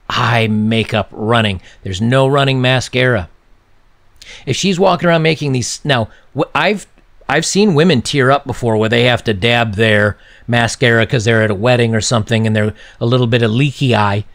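A man's voice: mid-range voice, gravelly, a bit bright. A man giving casual, sarcastic and mocking commentary on a video clip.

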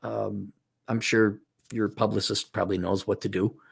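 A man's voice: lowish voice, little pitch movement, moderate pace, creaky, breathy edge. A man giving casual, blunt advice in a rambling way, often stopping and restarting his sentences.

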